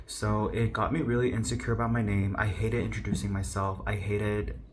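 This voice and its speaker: A Korean-born YouTuber from South Korea, a young man, tells a personal story to camera in a casual, chatty, self-mocking way, mimicking other people's voices. His voice is lowish with little pitch movement, his pace brisk, with slight background noise.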